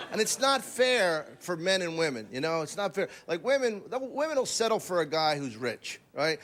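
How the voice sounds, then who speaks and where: A man's voice: high voice, heavy background noise. A man doing a brash, rambling stand-up comedy set on a TV studio stage. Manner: brash, rambling, crude punchlines.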